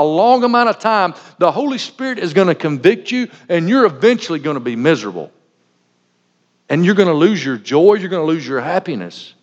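A middle-aged man preaching a sermon, folksy and joking, acting out little everyday scenes. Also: on the high side. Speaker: pastor. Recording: dull sound with long reverb in a large hall.

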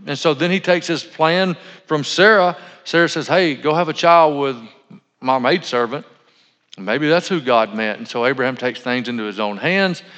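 Preacher in a reverberant hall. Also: male voice, fairly high pitch, fairly bright tone. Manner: conversational, self-correcting preaching with asides. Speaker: pastor. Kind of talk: sermon. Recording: dull lo-fi sound in a reverberant hall.

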